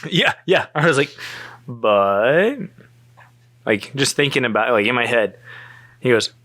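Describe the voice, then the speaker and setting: Animated man telling a story. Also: mid-range voice, fairly quick, no echo. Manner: animated, swears freely, acts out both sides of dialogue. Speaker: podcast guest. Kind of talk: casual storytelling.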